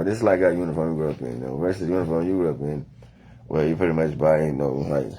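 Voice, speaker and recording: A man's voice: sits low, warm tone. A man talking to the camera in a loose, meandering monologue full of slang and cursing, after a few drinks. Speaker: vlogger. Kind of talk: rambling casual monologue.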